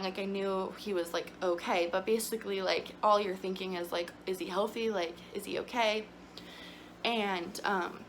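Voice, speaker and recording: A woman's voice: medium pitch, fairly bright tone, a little hiss or hum. A young woman vlogging, telling her story in a chatty, emotional way with lots of fillers. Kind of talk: casual storytelling to camera.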